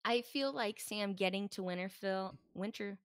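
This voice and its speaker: A woman's voice: mid-range voice, moderate pace, clean tone, no room sound. Chatty woman co-host with a mid-range voice who acts out quotes, dry podcast mic. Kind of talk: casual chat. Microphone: podcast microphone.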